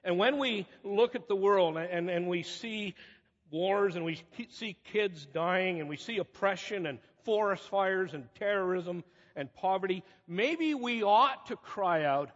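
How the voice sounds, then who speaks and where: A middle-aged man preaches in a church sanctuary, his fairly high voice swelling into emphatic cries and then falling back to quiet asides. The sound is slightly muffled, and a long reverb trails after him. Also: measured pace. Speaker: pastor. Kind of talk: sermon.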